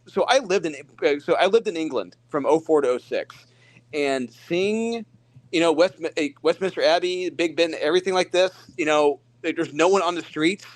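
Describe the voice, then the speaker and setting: A man co-hosting a casual podcast chat over his phone, talking haltingly with many restarts. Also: fairly high pitch, no echo. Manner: halting, full of false starts. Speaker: podcast co-host.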